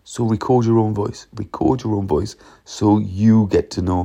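A man gives a solo podcast talk on teaching, emphatic and hands-on as he acts out his classroom instructions. His voice sits very low and has a gravelly, creaky texture. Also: fairly even intonation, normal speed, few pauses, dark tone.

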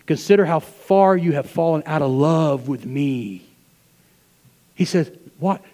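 A man preaching a sermon to his church, swinging between loud, fervent passages and hushed asides. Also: on the high side, moderate pace, big-room sound. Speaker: pastor. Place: church sanctuary.

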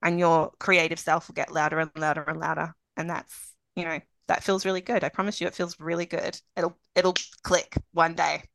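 A woman's voice: low voice, level tone, normal speed, gravelly, fairly bright tone, no echo, poor audio. An Australian woman, a guest author on a podcast interview, talking in an earnest, encouraging way and repeating phrases for emphasis. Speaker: guest author and literary agent.

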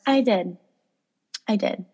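A woman's voice: mid-range voice, slow pace, creaky, a little mellow, slightly rough, dull audio. A young woman co-hosting a casual podcast who laughs often and tells rambling stories full of fillers. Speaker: podcast co-host. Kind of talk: casual chat.

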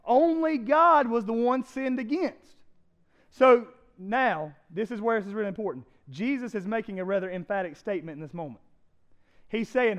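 High-voiced pastor preaching conversationally. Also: male voice, normal speed. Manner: conversational, animated, rhetorical questions to the congregation. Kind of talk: sermon. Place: church.

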